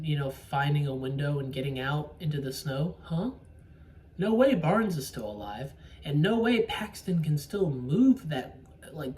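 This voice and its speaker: A casual vlogger recapping a movie's ending with spoilers, rambling and swearing, often sidetracked. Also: mid-range voice. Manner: rambling, profane, easily sidetracked. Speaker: solo movie reviewer. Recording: distant mic with faint room noise.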